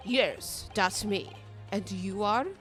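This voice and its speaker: A woman's voice: medium pitch, takes it slowly, a bit bright, faint music behind, voice pushed down. A woman voicing a secretive older man in a game, with a put-on Russian accent and a curt, suspicious way of talking. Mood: curt, dismissive. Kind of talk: reading game dialogue aloud.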